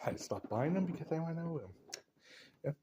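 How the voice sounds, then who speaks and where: A man ranting casually to his camera, rambling from point to point and laughing at his own jokes. His pitch swoops up and down a lot as he gets worked up. A faint hiss sits under the voice. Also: big pitch swings, fairly quick. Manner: rambling, joking, opinionated, laughs at own lines. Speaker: vlogger. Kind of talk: casual opinion rant to camera.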